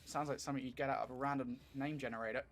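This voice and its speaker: Upbeat esports commentator. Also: male voice, mid-range voice, fairly even intonation, soft background music. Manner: upbeat, jokey, quick to laugh. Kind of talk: casual play-by-play game commentary.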